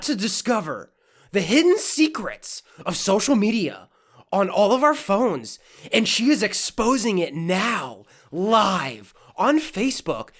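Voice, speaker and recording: Podcast host, reaction commentary, sarcastic, profane, deadpan, animated pitch. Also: slow pace. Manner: sarcastic, swearing, deadpan asides.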